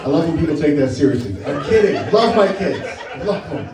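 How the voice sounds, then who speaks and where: High-voiced man doing punchy stand-up. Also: lively intonation, fairly quick, reverberant, far from the mic, a crowd in the background, poor audio. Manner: punchy, teasing, keeps asking "right?". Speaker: stand-up comedian. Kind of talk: stand-up set.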